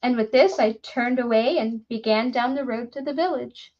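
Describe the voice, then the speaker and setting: A woman reading a story aloud in a measured, formal narrating style. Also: a little high, a little mellow, dull audio. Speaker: audiobook reader.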